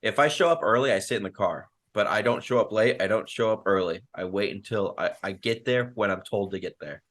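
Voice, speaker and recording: A man's voice: fairly low pitch, brisk, hardly any pauses, a bit bright. A young American man co-hosting a casual podcast, telling stories with wry, mock-dramatic complaint. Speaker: podcast co-host. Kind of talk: casual chat.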